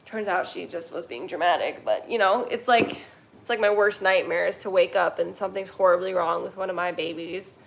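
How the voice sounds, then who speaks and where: A woman's voice: lowish voice, a little fast, creaky, slight background noise. A young woman hosting a casual livestream, chatting and reading viewer comments in a rambling way while talking to her cats. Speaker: kitten rescue livestream host.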